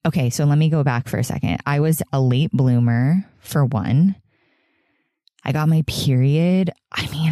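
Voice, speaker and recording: Brief: woman in her 30s, podcast host, tearful and candid, mellow voice, dry close sound. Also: rumbling low, no echo. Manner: halting, emotional, frequent fillers and laughs. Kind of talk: candid solo podcast confession.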